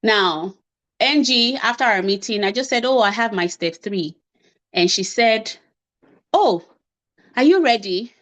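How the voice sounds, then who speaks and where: A woman's voice: mid-range voice, unhurried, a bit bright. A woman giving a talk, telling a personal story in a chatty, self-deprecating way and acting out bits of dialogue. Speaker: invited speaker on medical residency.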